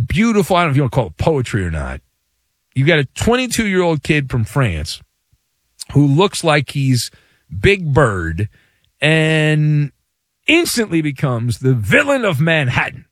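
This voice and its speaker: Sports radio host man, fairly high voice, bouncy swooping delivery, dry close sound. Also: a bit bright, dry recording. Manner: playful, hyperbolic, with dramatic pauses. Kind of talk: sports talk radio monologue.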